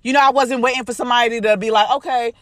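A woman's voice: on the high side, fairly even intonation, racing, no echo, studio quality. A woman hosting a podcast as a life coach, giving an emphatic, repetitive motivational talk to her listeners. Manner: preachy, emphatic, repetitive, uses "baby".

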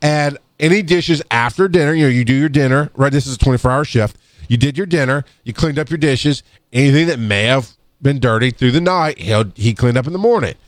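A middle-aged man, an EMT and podcast co-host, telling rambling work stories in casual chat and jumping up in pitch to act out other people's lines. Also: brisk, dry recording, studio quality. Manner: rambling, restarts, acts out quotes in a higher voice. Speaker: podcast co-host, EMS worker. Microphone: studio microphone.

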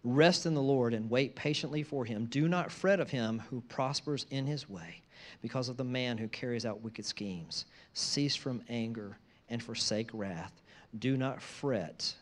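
A man preaching a sermon, moving from conversational asides to loud, emphatic repeated phrases. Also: medium pitch, unhurried. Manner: conversational asides between scripture lines. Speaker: pastor.

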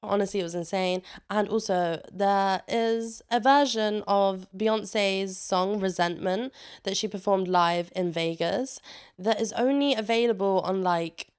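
A woman's voice: mid-range voice, a little slow, clear, resonant tone. A woman in her twenties tells a candid personal story in a chatty vlog, swearing freely and acting out what people said. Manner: chatty and swearing, with animated re-enacted quotes. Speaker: vlogger.

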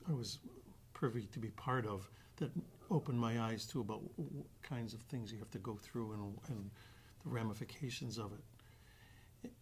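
A man telling a guest anecdote in an animated way, acting out the voices of the other people with frequent restarts. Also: lowish voice, moderate pace, a little hiss or hum. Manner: acts out quoted dialogue with restarts. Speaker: actor guest.

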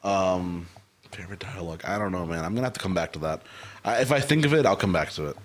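A man chatting on a podcast in an easygoing, laid-back way, often pausing to think. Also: low-pitched. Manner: easygoing, laughs often, hesitant. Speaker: podcast co-host. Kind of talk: casual chat.

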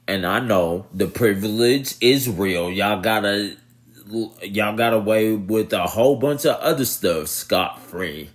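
A man talking straight to his audience in casual commentary, animated, laughing and repeating himself. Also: lowish voice, a little slow. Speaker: vlogger.

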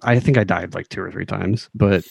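Low mellow dude chatting games on a podcast, dry sound. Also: male voice, fairly even intonation, a little fast, vocal fry, slightly rough, no echo. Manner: easygoing, chuckles between remarks. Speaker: podcast co-host. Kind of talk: casual podcast chat about a video game.

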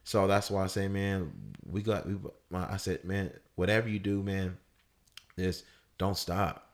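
A man in casual conversation telling a personal story, loose and full of fillers, his voice leaping high when he acts out people shouting. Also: unhurried. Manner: animated storyteller, voice jumps up high for quoted shouts. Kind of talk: casual chat.

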